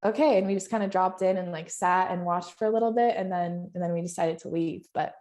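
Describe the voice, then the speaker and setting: A woman's voice: fairly low pitch, steady tone, a little fast, a little mellow. A woman guest on a podcast, sharing a personal story earnestly and emotionally, often laughing as she talks.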